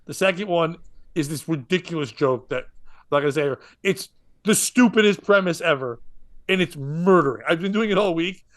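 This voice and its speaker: Man, high-pitched, comedian, podcast co-host, casual storytelling, lots of "like", chuckles at his own story. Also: lively intonation, moderate pace. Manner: rambling, filler-heavy, laughing at his own story.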